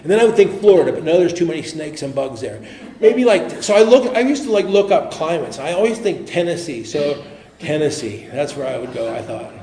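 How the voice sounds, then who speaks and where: A middle-aged man telling his personal recovery story at a meeting, earnest and animated, quick to laugh and sometimes dropping to a murmur. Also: fairly high pitch, echoey room. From Pittsburgh area. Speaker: AA speaker. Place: meeting hall.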